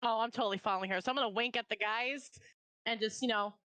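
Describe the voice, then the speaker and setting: A woman's voice: a little high, fairly even intonation, fast talker, bright, forceful tone, smooth, no echo. A woman playing a tabletop game, chatting about her character in a bubbly, eager way. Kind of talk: casual chat at a game table.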